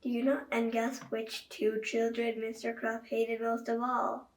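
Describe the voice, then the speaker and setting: Reading a children's book out loud, a woman talks straight to her young listeners in an unhurried, monotone voice with a fairly high pitch. The room is echoey and she sits at a distance from the microphone.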